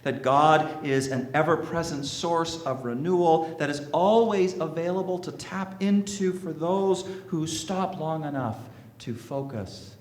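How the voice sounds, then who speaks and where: A man preaching a sermon to a congregation, slow and emphatic, asking the listeners rhetorical questions. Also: a little high, roomy sound, a little hiss or hum. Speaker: minister. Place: sanctuary with congregation.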